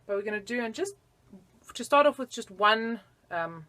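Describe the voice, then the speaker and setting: A woman's voice: fairly high pitch, animated, moderate pace, pushed and bright. A woman teaching flute in a casual video lesson, chatty and giggly with self-deprecating asides.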